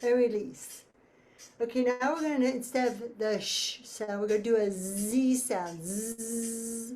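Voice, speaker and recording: Slow-counting woman leading breath warm-ups. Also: fairly high pitch. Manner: slow, counting beats, instructive. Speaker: choir leader. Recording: faint ticking metronome.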